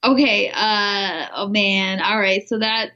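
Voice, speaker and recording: A woman co-hosting a casual chat, telling a story with laughs and hesitant pauses. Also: medium pitch, fairly even intonation, pushed and bright, lo-fi sound. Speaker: podcast co-host.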